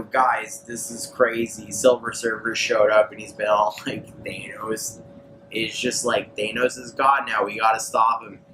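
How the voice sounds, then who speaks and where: A man's voice: fairly low pitch, bright, forceful tone. Tipsy man rambling a comic recap. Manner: loose, slangy, full of "like", acts out characters with quick voices. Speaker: podcast co-host retelling a comic. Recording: roomy echo, clear background noise.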